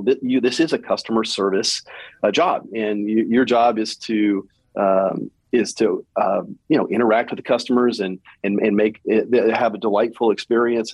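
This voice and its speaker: A middle-aged man with a light Southern Kentucky accent, a company president speaking as a guest in a relaxed interview, often restarting and repeating his words. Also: lowish voice, husky, dry recording, low-quality recording. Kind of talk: casual interview conversation.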